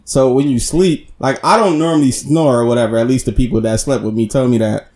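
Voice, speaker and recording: A man's voice: medium pitch, brisk, a little mellow. Laid-back man, slangy and profane. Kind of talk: casual chat.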